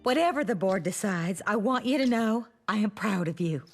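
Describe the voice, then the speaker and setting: A woman voicing a proud, bossy middle-aged woman coaching a halftime cheer squad in an animated sitcom. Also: medium pitch, moderate pace, faint music behind. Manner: self-important, pompous. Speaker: halftime show organizer.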